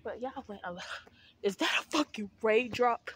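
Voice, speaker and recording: A woman's voice: a little high, lively intonation, normal speed, fairly bright tone, slightly rough. A teenage girl vlogging to her viewers on an outdoor walk, rambling, swearing freely and out of breath. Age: teens. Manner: rambling, profane, chatty, addresses viewers as y'all. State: out of breath while walking. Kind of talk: casual vlog talk to viewers.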